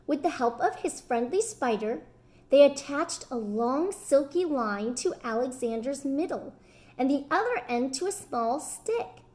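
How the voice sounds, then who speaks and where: High, animated woman reading to kids. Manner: animated, asks the children questions. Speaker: storyteller reading to children. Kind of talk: picture book read-aloud for children.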